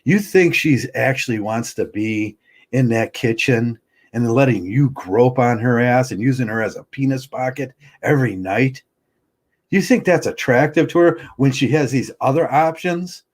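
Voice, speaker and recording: A man's voice: mid-range voice, moderate pace. A man hosting a livestream, ranting heatedly and bluntly, often stumbling and restarting his words. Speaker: livestream host.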